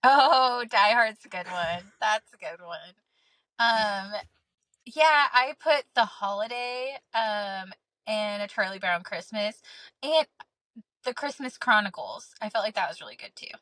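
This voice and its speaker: A woman's voice: mid-range voice, lively intonation, a little slow, bright, forceful tone. Easygoing female podcast co-host. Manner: easygoing, agreeable, filler-heavy. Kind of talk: casual chat.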